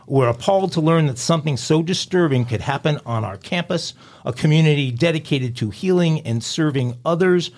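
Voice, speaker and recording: A man co-hosting a crime news podcast, reading headlines and quotes aloud and adding wry, deadpan remarks. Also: on the high side, brisk. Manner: wry, deadpan commentary between quoted passages. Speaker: podcast co-host.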